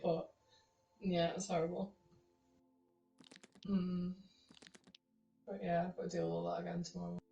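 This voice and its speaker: A young woman chats casually about her day as a teacher, swearing freely and acting out the people she quotes. Her voice sits a little low, and she sounds set back from the mic. The room is echoey, with faint music behind. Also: normal speed, vocal fry, long pauses, distant mic, muffled recording. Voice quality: sweary, laughing often. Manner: animated storytelling, acting out quoted people with a raised voice. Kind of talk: casual chat.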